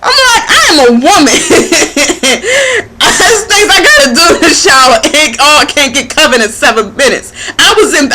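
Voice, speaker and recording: A woman life coach giving a passionate motivational talk, excitable and laughing as she speaks. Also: on the high side, rough recording. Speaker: spiritual life coach and marketing mentor.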